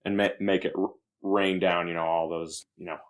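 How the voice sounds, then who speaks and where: Low-voiced male player, rambling, hesitant, fillers everywhere. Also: level tone, moderate pace, clean tone. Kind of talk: casual tabletop game play.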